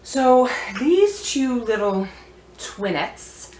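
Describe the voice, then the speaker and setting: A woman's voice: on the high side, sing-song, extremely slow, darkish tone, slight background noise. A woman who sells vintage antiques, showing off her finds in a chatty, playful, wandering way. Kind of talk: casual show-and-tell vlog. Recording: echoey room.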